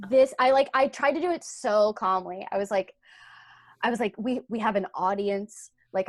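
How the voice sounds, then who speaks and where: A woman's voice: dry recording, studio quality. A young woman, a podcast guest, frankly telling a personal story and laughing as she goes. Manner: frank, laughs through the telling, animated swings in pitch and volume. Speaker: podcast guest, intimacy coordinator.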